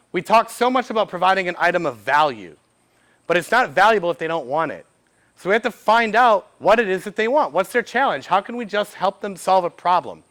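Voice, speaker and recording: A man, giving a lively workshop talk to a live audience, acting out short bits of dialogue and asking the room questions. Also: high-pitched. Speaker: speaker at a business event. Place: event room before an audience.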